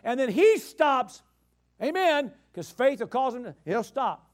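A man preaching a sermon in a very high voice for a man. He hammers points through repetition and swings between loud emphatic bursts and quiet explaining. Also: big pitch swings, measured pace.

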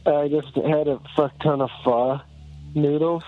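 A man calling in to a show, talking casually in a halting way with lots of fillers. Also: a little high, steady tone. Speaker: caller. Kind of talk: casual phone call. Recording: tinny phone line.

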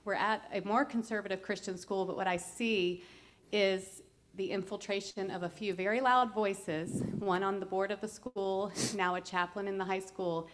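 A woman's voice: mid-range voice, steady tone, normal speed. Woman, 30s, audience questioner, earnest and concerned, talks in long run-on sentences. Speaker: audience member asking a question. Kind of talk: question from the floor at a church event.

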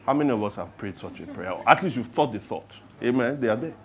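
A man preaching a sermon in church. He moves from hushed prayer to loud, animated storytelling. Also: mid-range voice, fast talker. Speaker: pastor. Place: church service.

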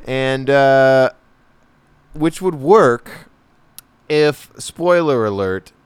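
A man co-hosting a podcast in casual chat, sarcastic and quick with jokes, swearing freely. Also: medium pitch, animated, clean tone, dry recording. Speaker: podcast co-host.

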